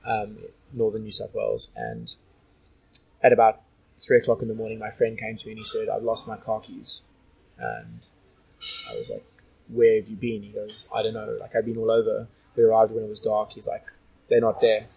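A man's voice: lowish voice, vocal fry, breathy edge, rough recording. A man from Australia telling stories as a guest in a casual interview, rambling with lots of "like" and "you know".

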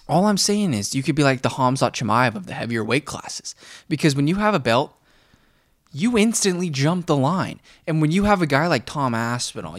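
A young man co-hosting a casual sports podcast, rambling and animated, talking straight at the fighters he discusses. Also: medium pitch, dry recording, clean studio sound. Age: young adult. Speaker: podcast co-host.

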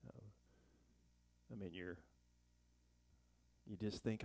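A man's voice: mid-range voice, sing-song, moderate pace, vocal fry, darkish tone, no echo. A man teaching a Bible study in a chatty sermon style, full of joking asides and rhetorical questions.

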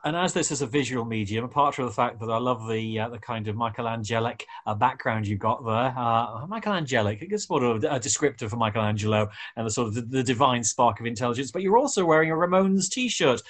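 A man's voice: mid-range voice, fast, hardly any pauses, a bit bright. A man hosting a radio show, chatting with guests and making jokey, rambling asides.

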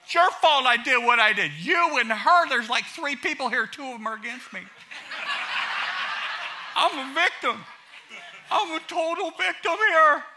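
A wailing, self-pitying grown man, put on by a preacher whines that everyone is against him. The voice climbs very high and swoops with lively pitch, and it has a sharp, bright edge. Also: a little slow, long pauses, full character voice. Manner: whining, wailing complaints.

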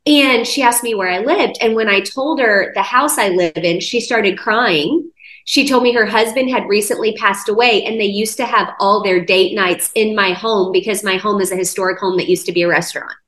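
A woman's voice: medium pitch, normal speed. Chatty woman telling a story in an echoey room. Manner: lively retelling with many "like" fillers. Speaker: guest sharing a testimony. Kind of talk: conversational storytelling. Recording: roomy echo.

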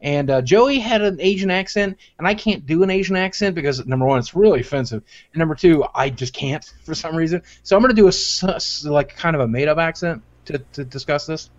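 Fairly quick and on the high side, a man co-hosting a stream swaps profane jokes and animated stories in casual chat. The sound is dull and lo-fi.

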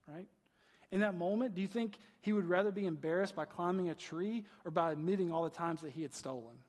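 Casting: male pastor, fairly high husky voice, casual chatty sermon, long reverb of a big hall. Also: a little fast, darkish tone. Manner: conversational preaching, asks rhetorical questions, frequent "right?".

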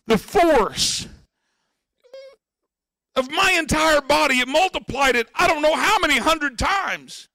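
Impassioned high-voiced male preacher, bright tone. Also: animated, slow, long pauses, no room sound, clean studio sound. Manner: impassioned preaching that swells into shouts; addresses the congregation directly. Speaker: pastor. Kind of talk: sermon.

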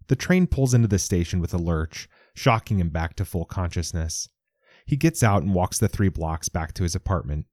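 A man reading a story aloud in measured, even audiobook narration. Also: deep voice, no echo, studio quality.

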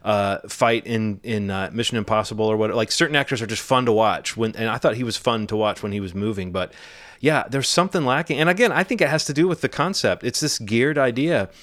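A man gives his opinions on a film in a casual co-host chat, animated and quick to joke. His voice sits in the middle range. The recording is close and dry, with no room sound. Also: medium pitch, no echo.

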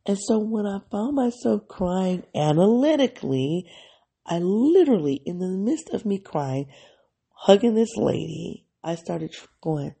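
Podcast host, candid diary monologue, thinking aloud; gravelly, dark delivery. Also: medium pitch, big pitch swings, unhurried. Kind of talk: reflective solo diary podcast.

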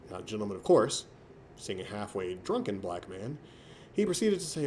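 A man vlogging a rambling, casual story, his delivery swinging from mumbled asides to sudden loud jumps. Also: medium pitch, big pitch swings, moderate pace, slight background noise.

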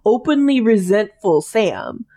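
A woman's voice: mid-range voice, expressive, measured pace, warm tone. Chatty woman podcast co-host. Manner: chatty, many "like" fillers and restarts. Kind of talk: casual chat about a TV show.

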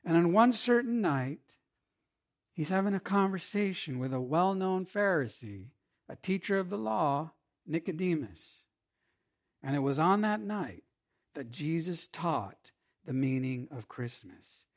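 High-voiced man preaching a sermon. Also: very animated, a little slow. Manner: emphatic preaching, swinging from loud to hushed. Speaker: pastor.

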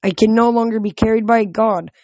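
A woman voicing an ancient, fading nature god who speaks slowly and solemnly. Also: a little high, steady tone, mellow, no room sound, muffled recording, lightly acted. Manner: slow, solemn, forlorn.

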